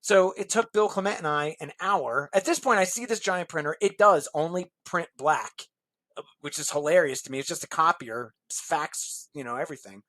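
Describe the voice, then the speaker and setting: Chuckling as he voices the characters, a man animatedly shares a long anecdote as a guest in an interview, keeping it casual. His pitch leans high, his speed is normal, and the recording is dry.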